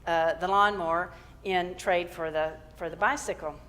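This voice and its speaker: A woman's voice: lowish voice, steady tone, moderate pace, fairly bright tone, natural voice. A woman voicing a confident young boy in a joke during a sermon, in a casual, offhand way.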